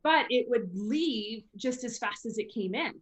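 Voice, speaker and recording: A woman guest on a casual podcast, talking about money in a lively way and acting out her own thoughts. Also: a little high, a little slow. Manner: lively, acts out her own inner talk. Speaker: guest business consultant.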